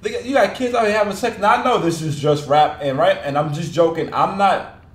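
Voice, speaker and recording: A man hosting a music reaction video, talking casually, laughing a lot and bursting out in loud, profane disbelief. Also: sits high, a little fast, roomy sound. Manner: laughs often, loud incredulous outbursts, profane.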